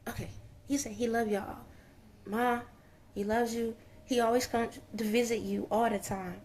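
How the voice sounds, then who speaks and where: A woman's voice: a little high, fairly even intonation, normal speed, a little mellow, slight background noise. A woman channeling spirit messages to viewers in an emotional, exclamatory way, often repeating phrases and dropping to whispers. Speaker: spiritual medium.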